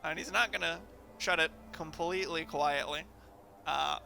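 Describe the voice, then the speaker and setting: A man running a tabletop game as game master, narrating loosely with many fillers and pauses. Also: a little high, steady tone, vocal fry.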